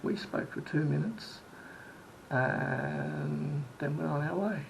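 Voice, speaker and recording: A man rambles through a travel story, his voice slightly high and strongly gravelly with fry. He restarts sentences often and acts out conversations, with a faint low hiss behind him. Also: slow, low-quality recording. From Australia. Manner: rambling, with many restarts and acted-out quotes. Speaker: vlogger. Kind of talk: casual storytelling monologue.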